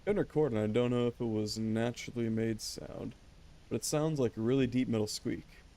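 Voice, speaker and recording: A man's voice: mid-range voice, normal speed, dark tone. A man streaming a game, rambling and joking back and forth with his chat. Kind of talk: casual gameplay commentary.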